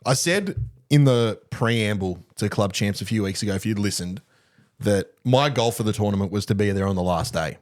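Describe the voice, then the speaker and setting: A man's voice: lowish voice, moderate pace. Laid-back guy, swears casually. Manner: relaxed, swears casually, chuckles through his story. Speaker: podcast co-host. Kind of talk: casual chat.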